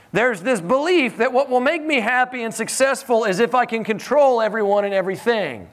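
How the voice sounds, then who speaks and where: Man, high-pitched voice, animated chatty sermon, chuckles, church. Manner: conversational and animated, with chuckles and repeated words. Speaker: preacher.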